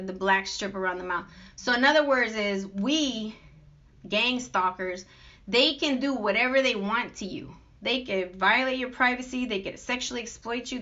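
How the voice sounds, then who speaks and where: A woman's voice: medium pitch, bright, forceful tone. A woman vlogger speaking off the cuff, aggrieved and emphatic, piling up long lists of complaints. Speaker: vlogger addressing critics. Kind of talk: unscripted monologue. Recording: dull lo-fi recording.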